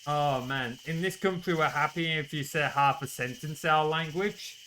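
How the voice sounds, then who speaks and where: A man's voice: on the high side, moderate pace, pushed and bright, slight background noise, poor audio. A man with a Yorkshire accent giving casual, chatty commentary while streaming a game, swearing freely and answering his chat aloud. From Northern England.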